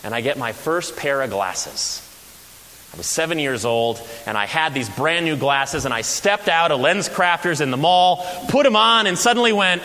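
A man delivers a lively sermon, his fairly high voice leaping up and down as he tells funny, animated stories. The sound carries a long echo from a big hall, with a faint hiss underneath. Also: normal speed. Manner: animated storytelling with humor. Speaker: pastor.

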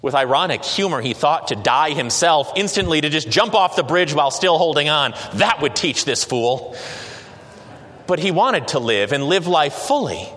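A man narrating a story slowly and dramatically, with occasional hesitations. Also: on the high side, big pitch swings, a bit bright. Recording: long reverb.

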